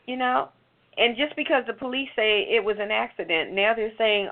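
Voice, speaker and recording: A woman's voice: medium pitch, lively intonation, fairly quick, creaky. A woman giving a heated, sarcastic commentary on a late-night talk show, firing off rhetorical questions. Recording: phone-like narrow sound.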